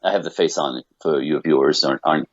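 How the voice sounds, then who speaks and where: A man, a podcast guest, telling a long personal story in an animated, rambling way full of restarts. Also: very deep voice, quick pace, no echo, lo-fi sound. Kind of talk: casual podcast conversation.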